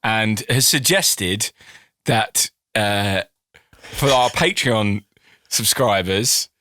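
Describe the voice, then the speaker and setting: A man's voice: on the low side, extremely slow, bright, forceful tone, no echo, studio quality. A man co-hosting a podcast, chatting casually, laughing often and restarting his sentences. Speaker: podcast co-host.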